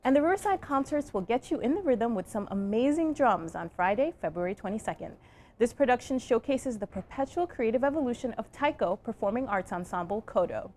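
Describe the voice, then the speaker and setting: A woman's voice: on the high side, animated, fairly quick, a little mellow, a little hiss or hum. Upbeat woman TV host. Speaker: TV show host. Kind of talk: scripted segment narration and interview.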